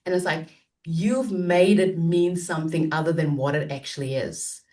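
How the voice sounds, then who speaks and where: A woman on a panel telling her own story, animated, laughing and acting out the voices in it. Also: sits low, moderate pace, distant mic. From Africa. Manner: animated, laughing, acts out dialogue.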